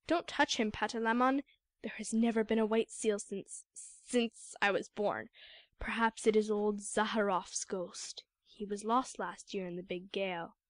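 A woman voicing a superstitious older male seal hunter, speaking in hushed, fearful tones. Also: fairly high pitch, fairly quick, dry recording, natural voice. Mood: uneasy.

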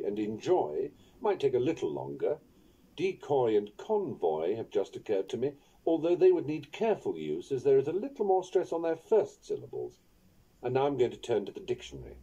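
A man narrates his own guide to poetry with a wry, playful touch, his voice very dark and mellow. His pitch rises and falls in lively swoops as he savours each word. The audiobook recording sounds dull and lo-fi. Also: husky. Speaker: author reading his own book on poetry. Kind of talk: audiobook narration of an instructional book.

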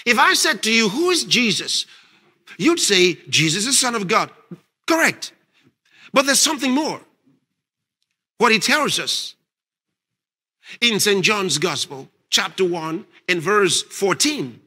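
A male pastor preaching a sermon, reading scripture aloud and questioning his congregation, rising to emphatic shouts on key points. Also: high voice, sing-song, unhurried, pauses often, breathy edge. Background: congregation responding.

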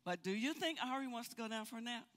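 An older woman teaching a Bible study, telling stories in an animated way and often repeating words. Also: fairly high pitch, quick pace. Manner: animated, storytelling with frequent repeats. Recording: hall reverb.

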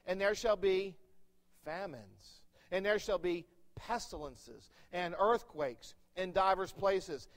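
A man with a Pennsylvania accent preaches from the pulpit in a fairly high voice. He leans hard on key words, swelling loud and then dropping low. Long church reverb trails his voice. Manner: emphatic preaching, rises and drops in volume. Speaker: pastor. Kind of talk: sermon. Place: church sanctuary.

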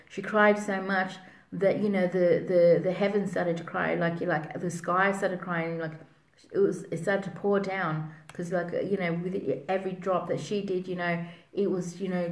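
A woman psychic giving a spiritual reading in a rambling way, full of fillers. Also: fairly low pitch. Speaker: psychic reader. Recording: roomy echo.

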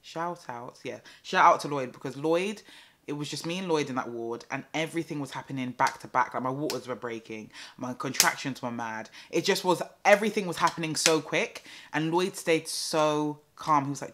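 A young woman telling a story casually to camera, chatty and animated with lots of fillers and repeats. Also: deep voice, moderate pace. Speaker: vlogger.

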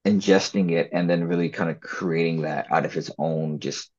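A man speaks in a low, husky voice, chatting casually as an interview guest. He rambles loosely and restarts his sentences often. The audio is slightly dull and lo-fi. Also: normal speed. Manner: relaxed, rambling, many fillers and restarts. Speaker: actor and filmmaker guest.

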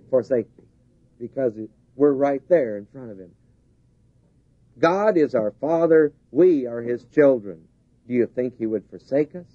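A man's voice: medium pitch, animated, a little slow, pauses often, dark tone, dry recording. A man preaching a sermon, driving his points home with repeated, rising emphasis. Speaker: pastor. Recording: dull lo-fi 1970s tape.

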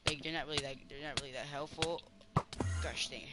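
Excitable man talking through his gameplay. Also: a little high, fast, loud music behind the voice. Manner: excitable, rambling self-talk with cheering. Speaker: gamer. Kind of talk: casual gameplay commentary.

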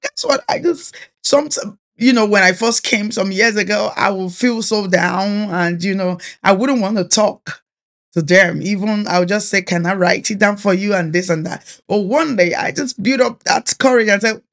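A Nigerian-accented woman minister delivering a sermon with steady, earnest urgency. She exhorts her listeners and drives her main points home by repeating them. Her first language is Yoruba. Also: medium pitch, normal speed.

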